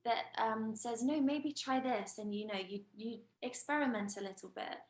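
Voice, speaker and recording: Higher-voiced woman host, echoey room. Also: normal speed. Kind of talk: casual interview chat. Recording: roomy echo.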